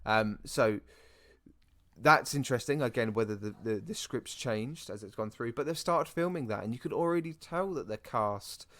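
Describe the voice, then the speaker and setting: A hoarse British man co-hosting a podcast in a chatty, rambling way. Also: mid-range voice, moderate pace, a bit bright. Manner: chatty, rambling asides, repeats himself. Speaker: podcast co-host. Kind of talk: casual podcast chat.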